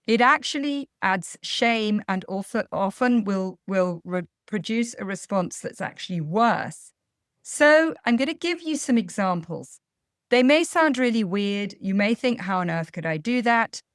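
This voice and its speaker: Calm woman giving parenting advice. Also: mid-range voice, clean tone, no room sound, studio quality. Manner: calm, measured, explanatory. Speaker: parenting coach. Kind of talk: podcast advice talk.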